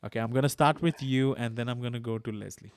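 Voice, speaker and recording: A man hosting a casual podcast chat, laughing often and asking his questions slowly and deliberately. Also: mid-range voice, smooth, no echo. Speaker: podcast host.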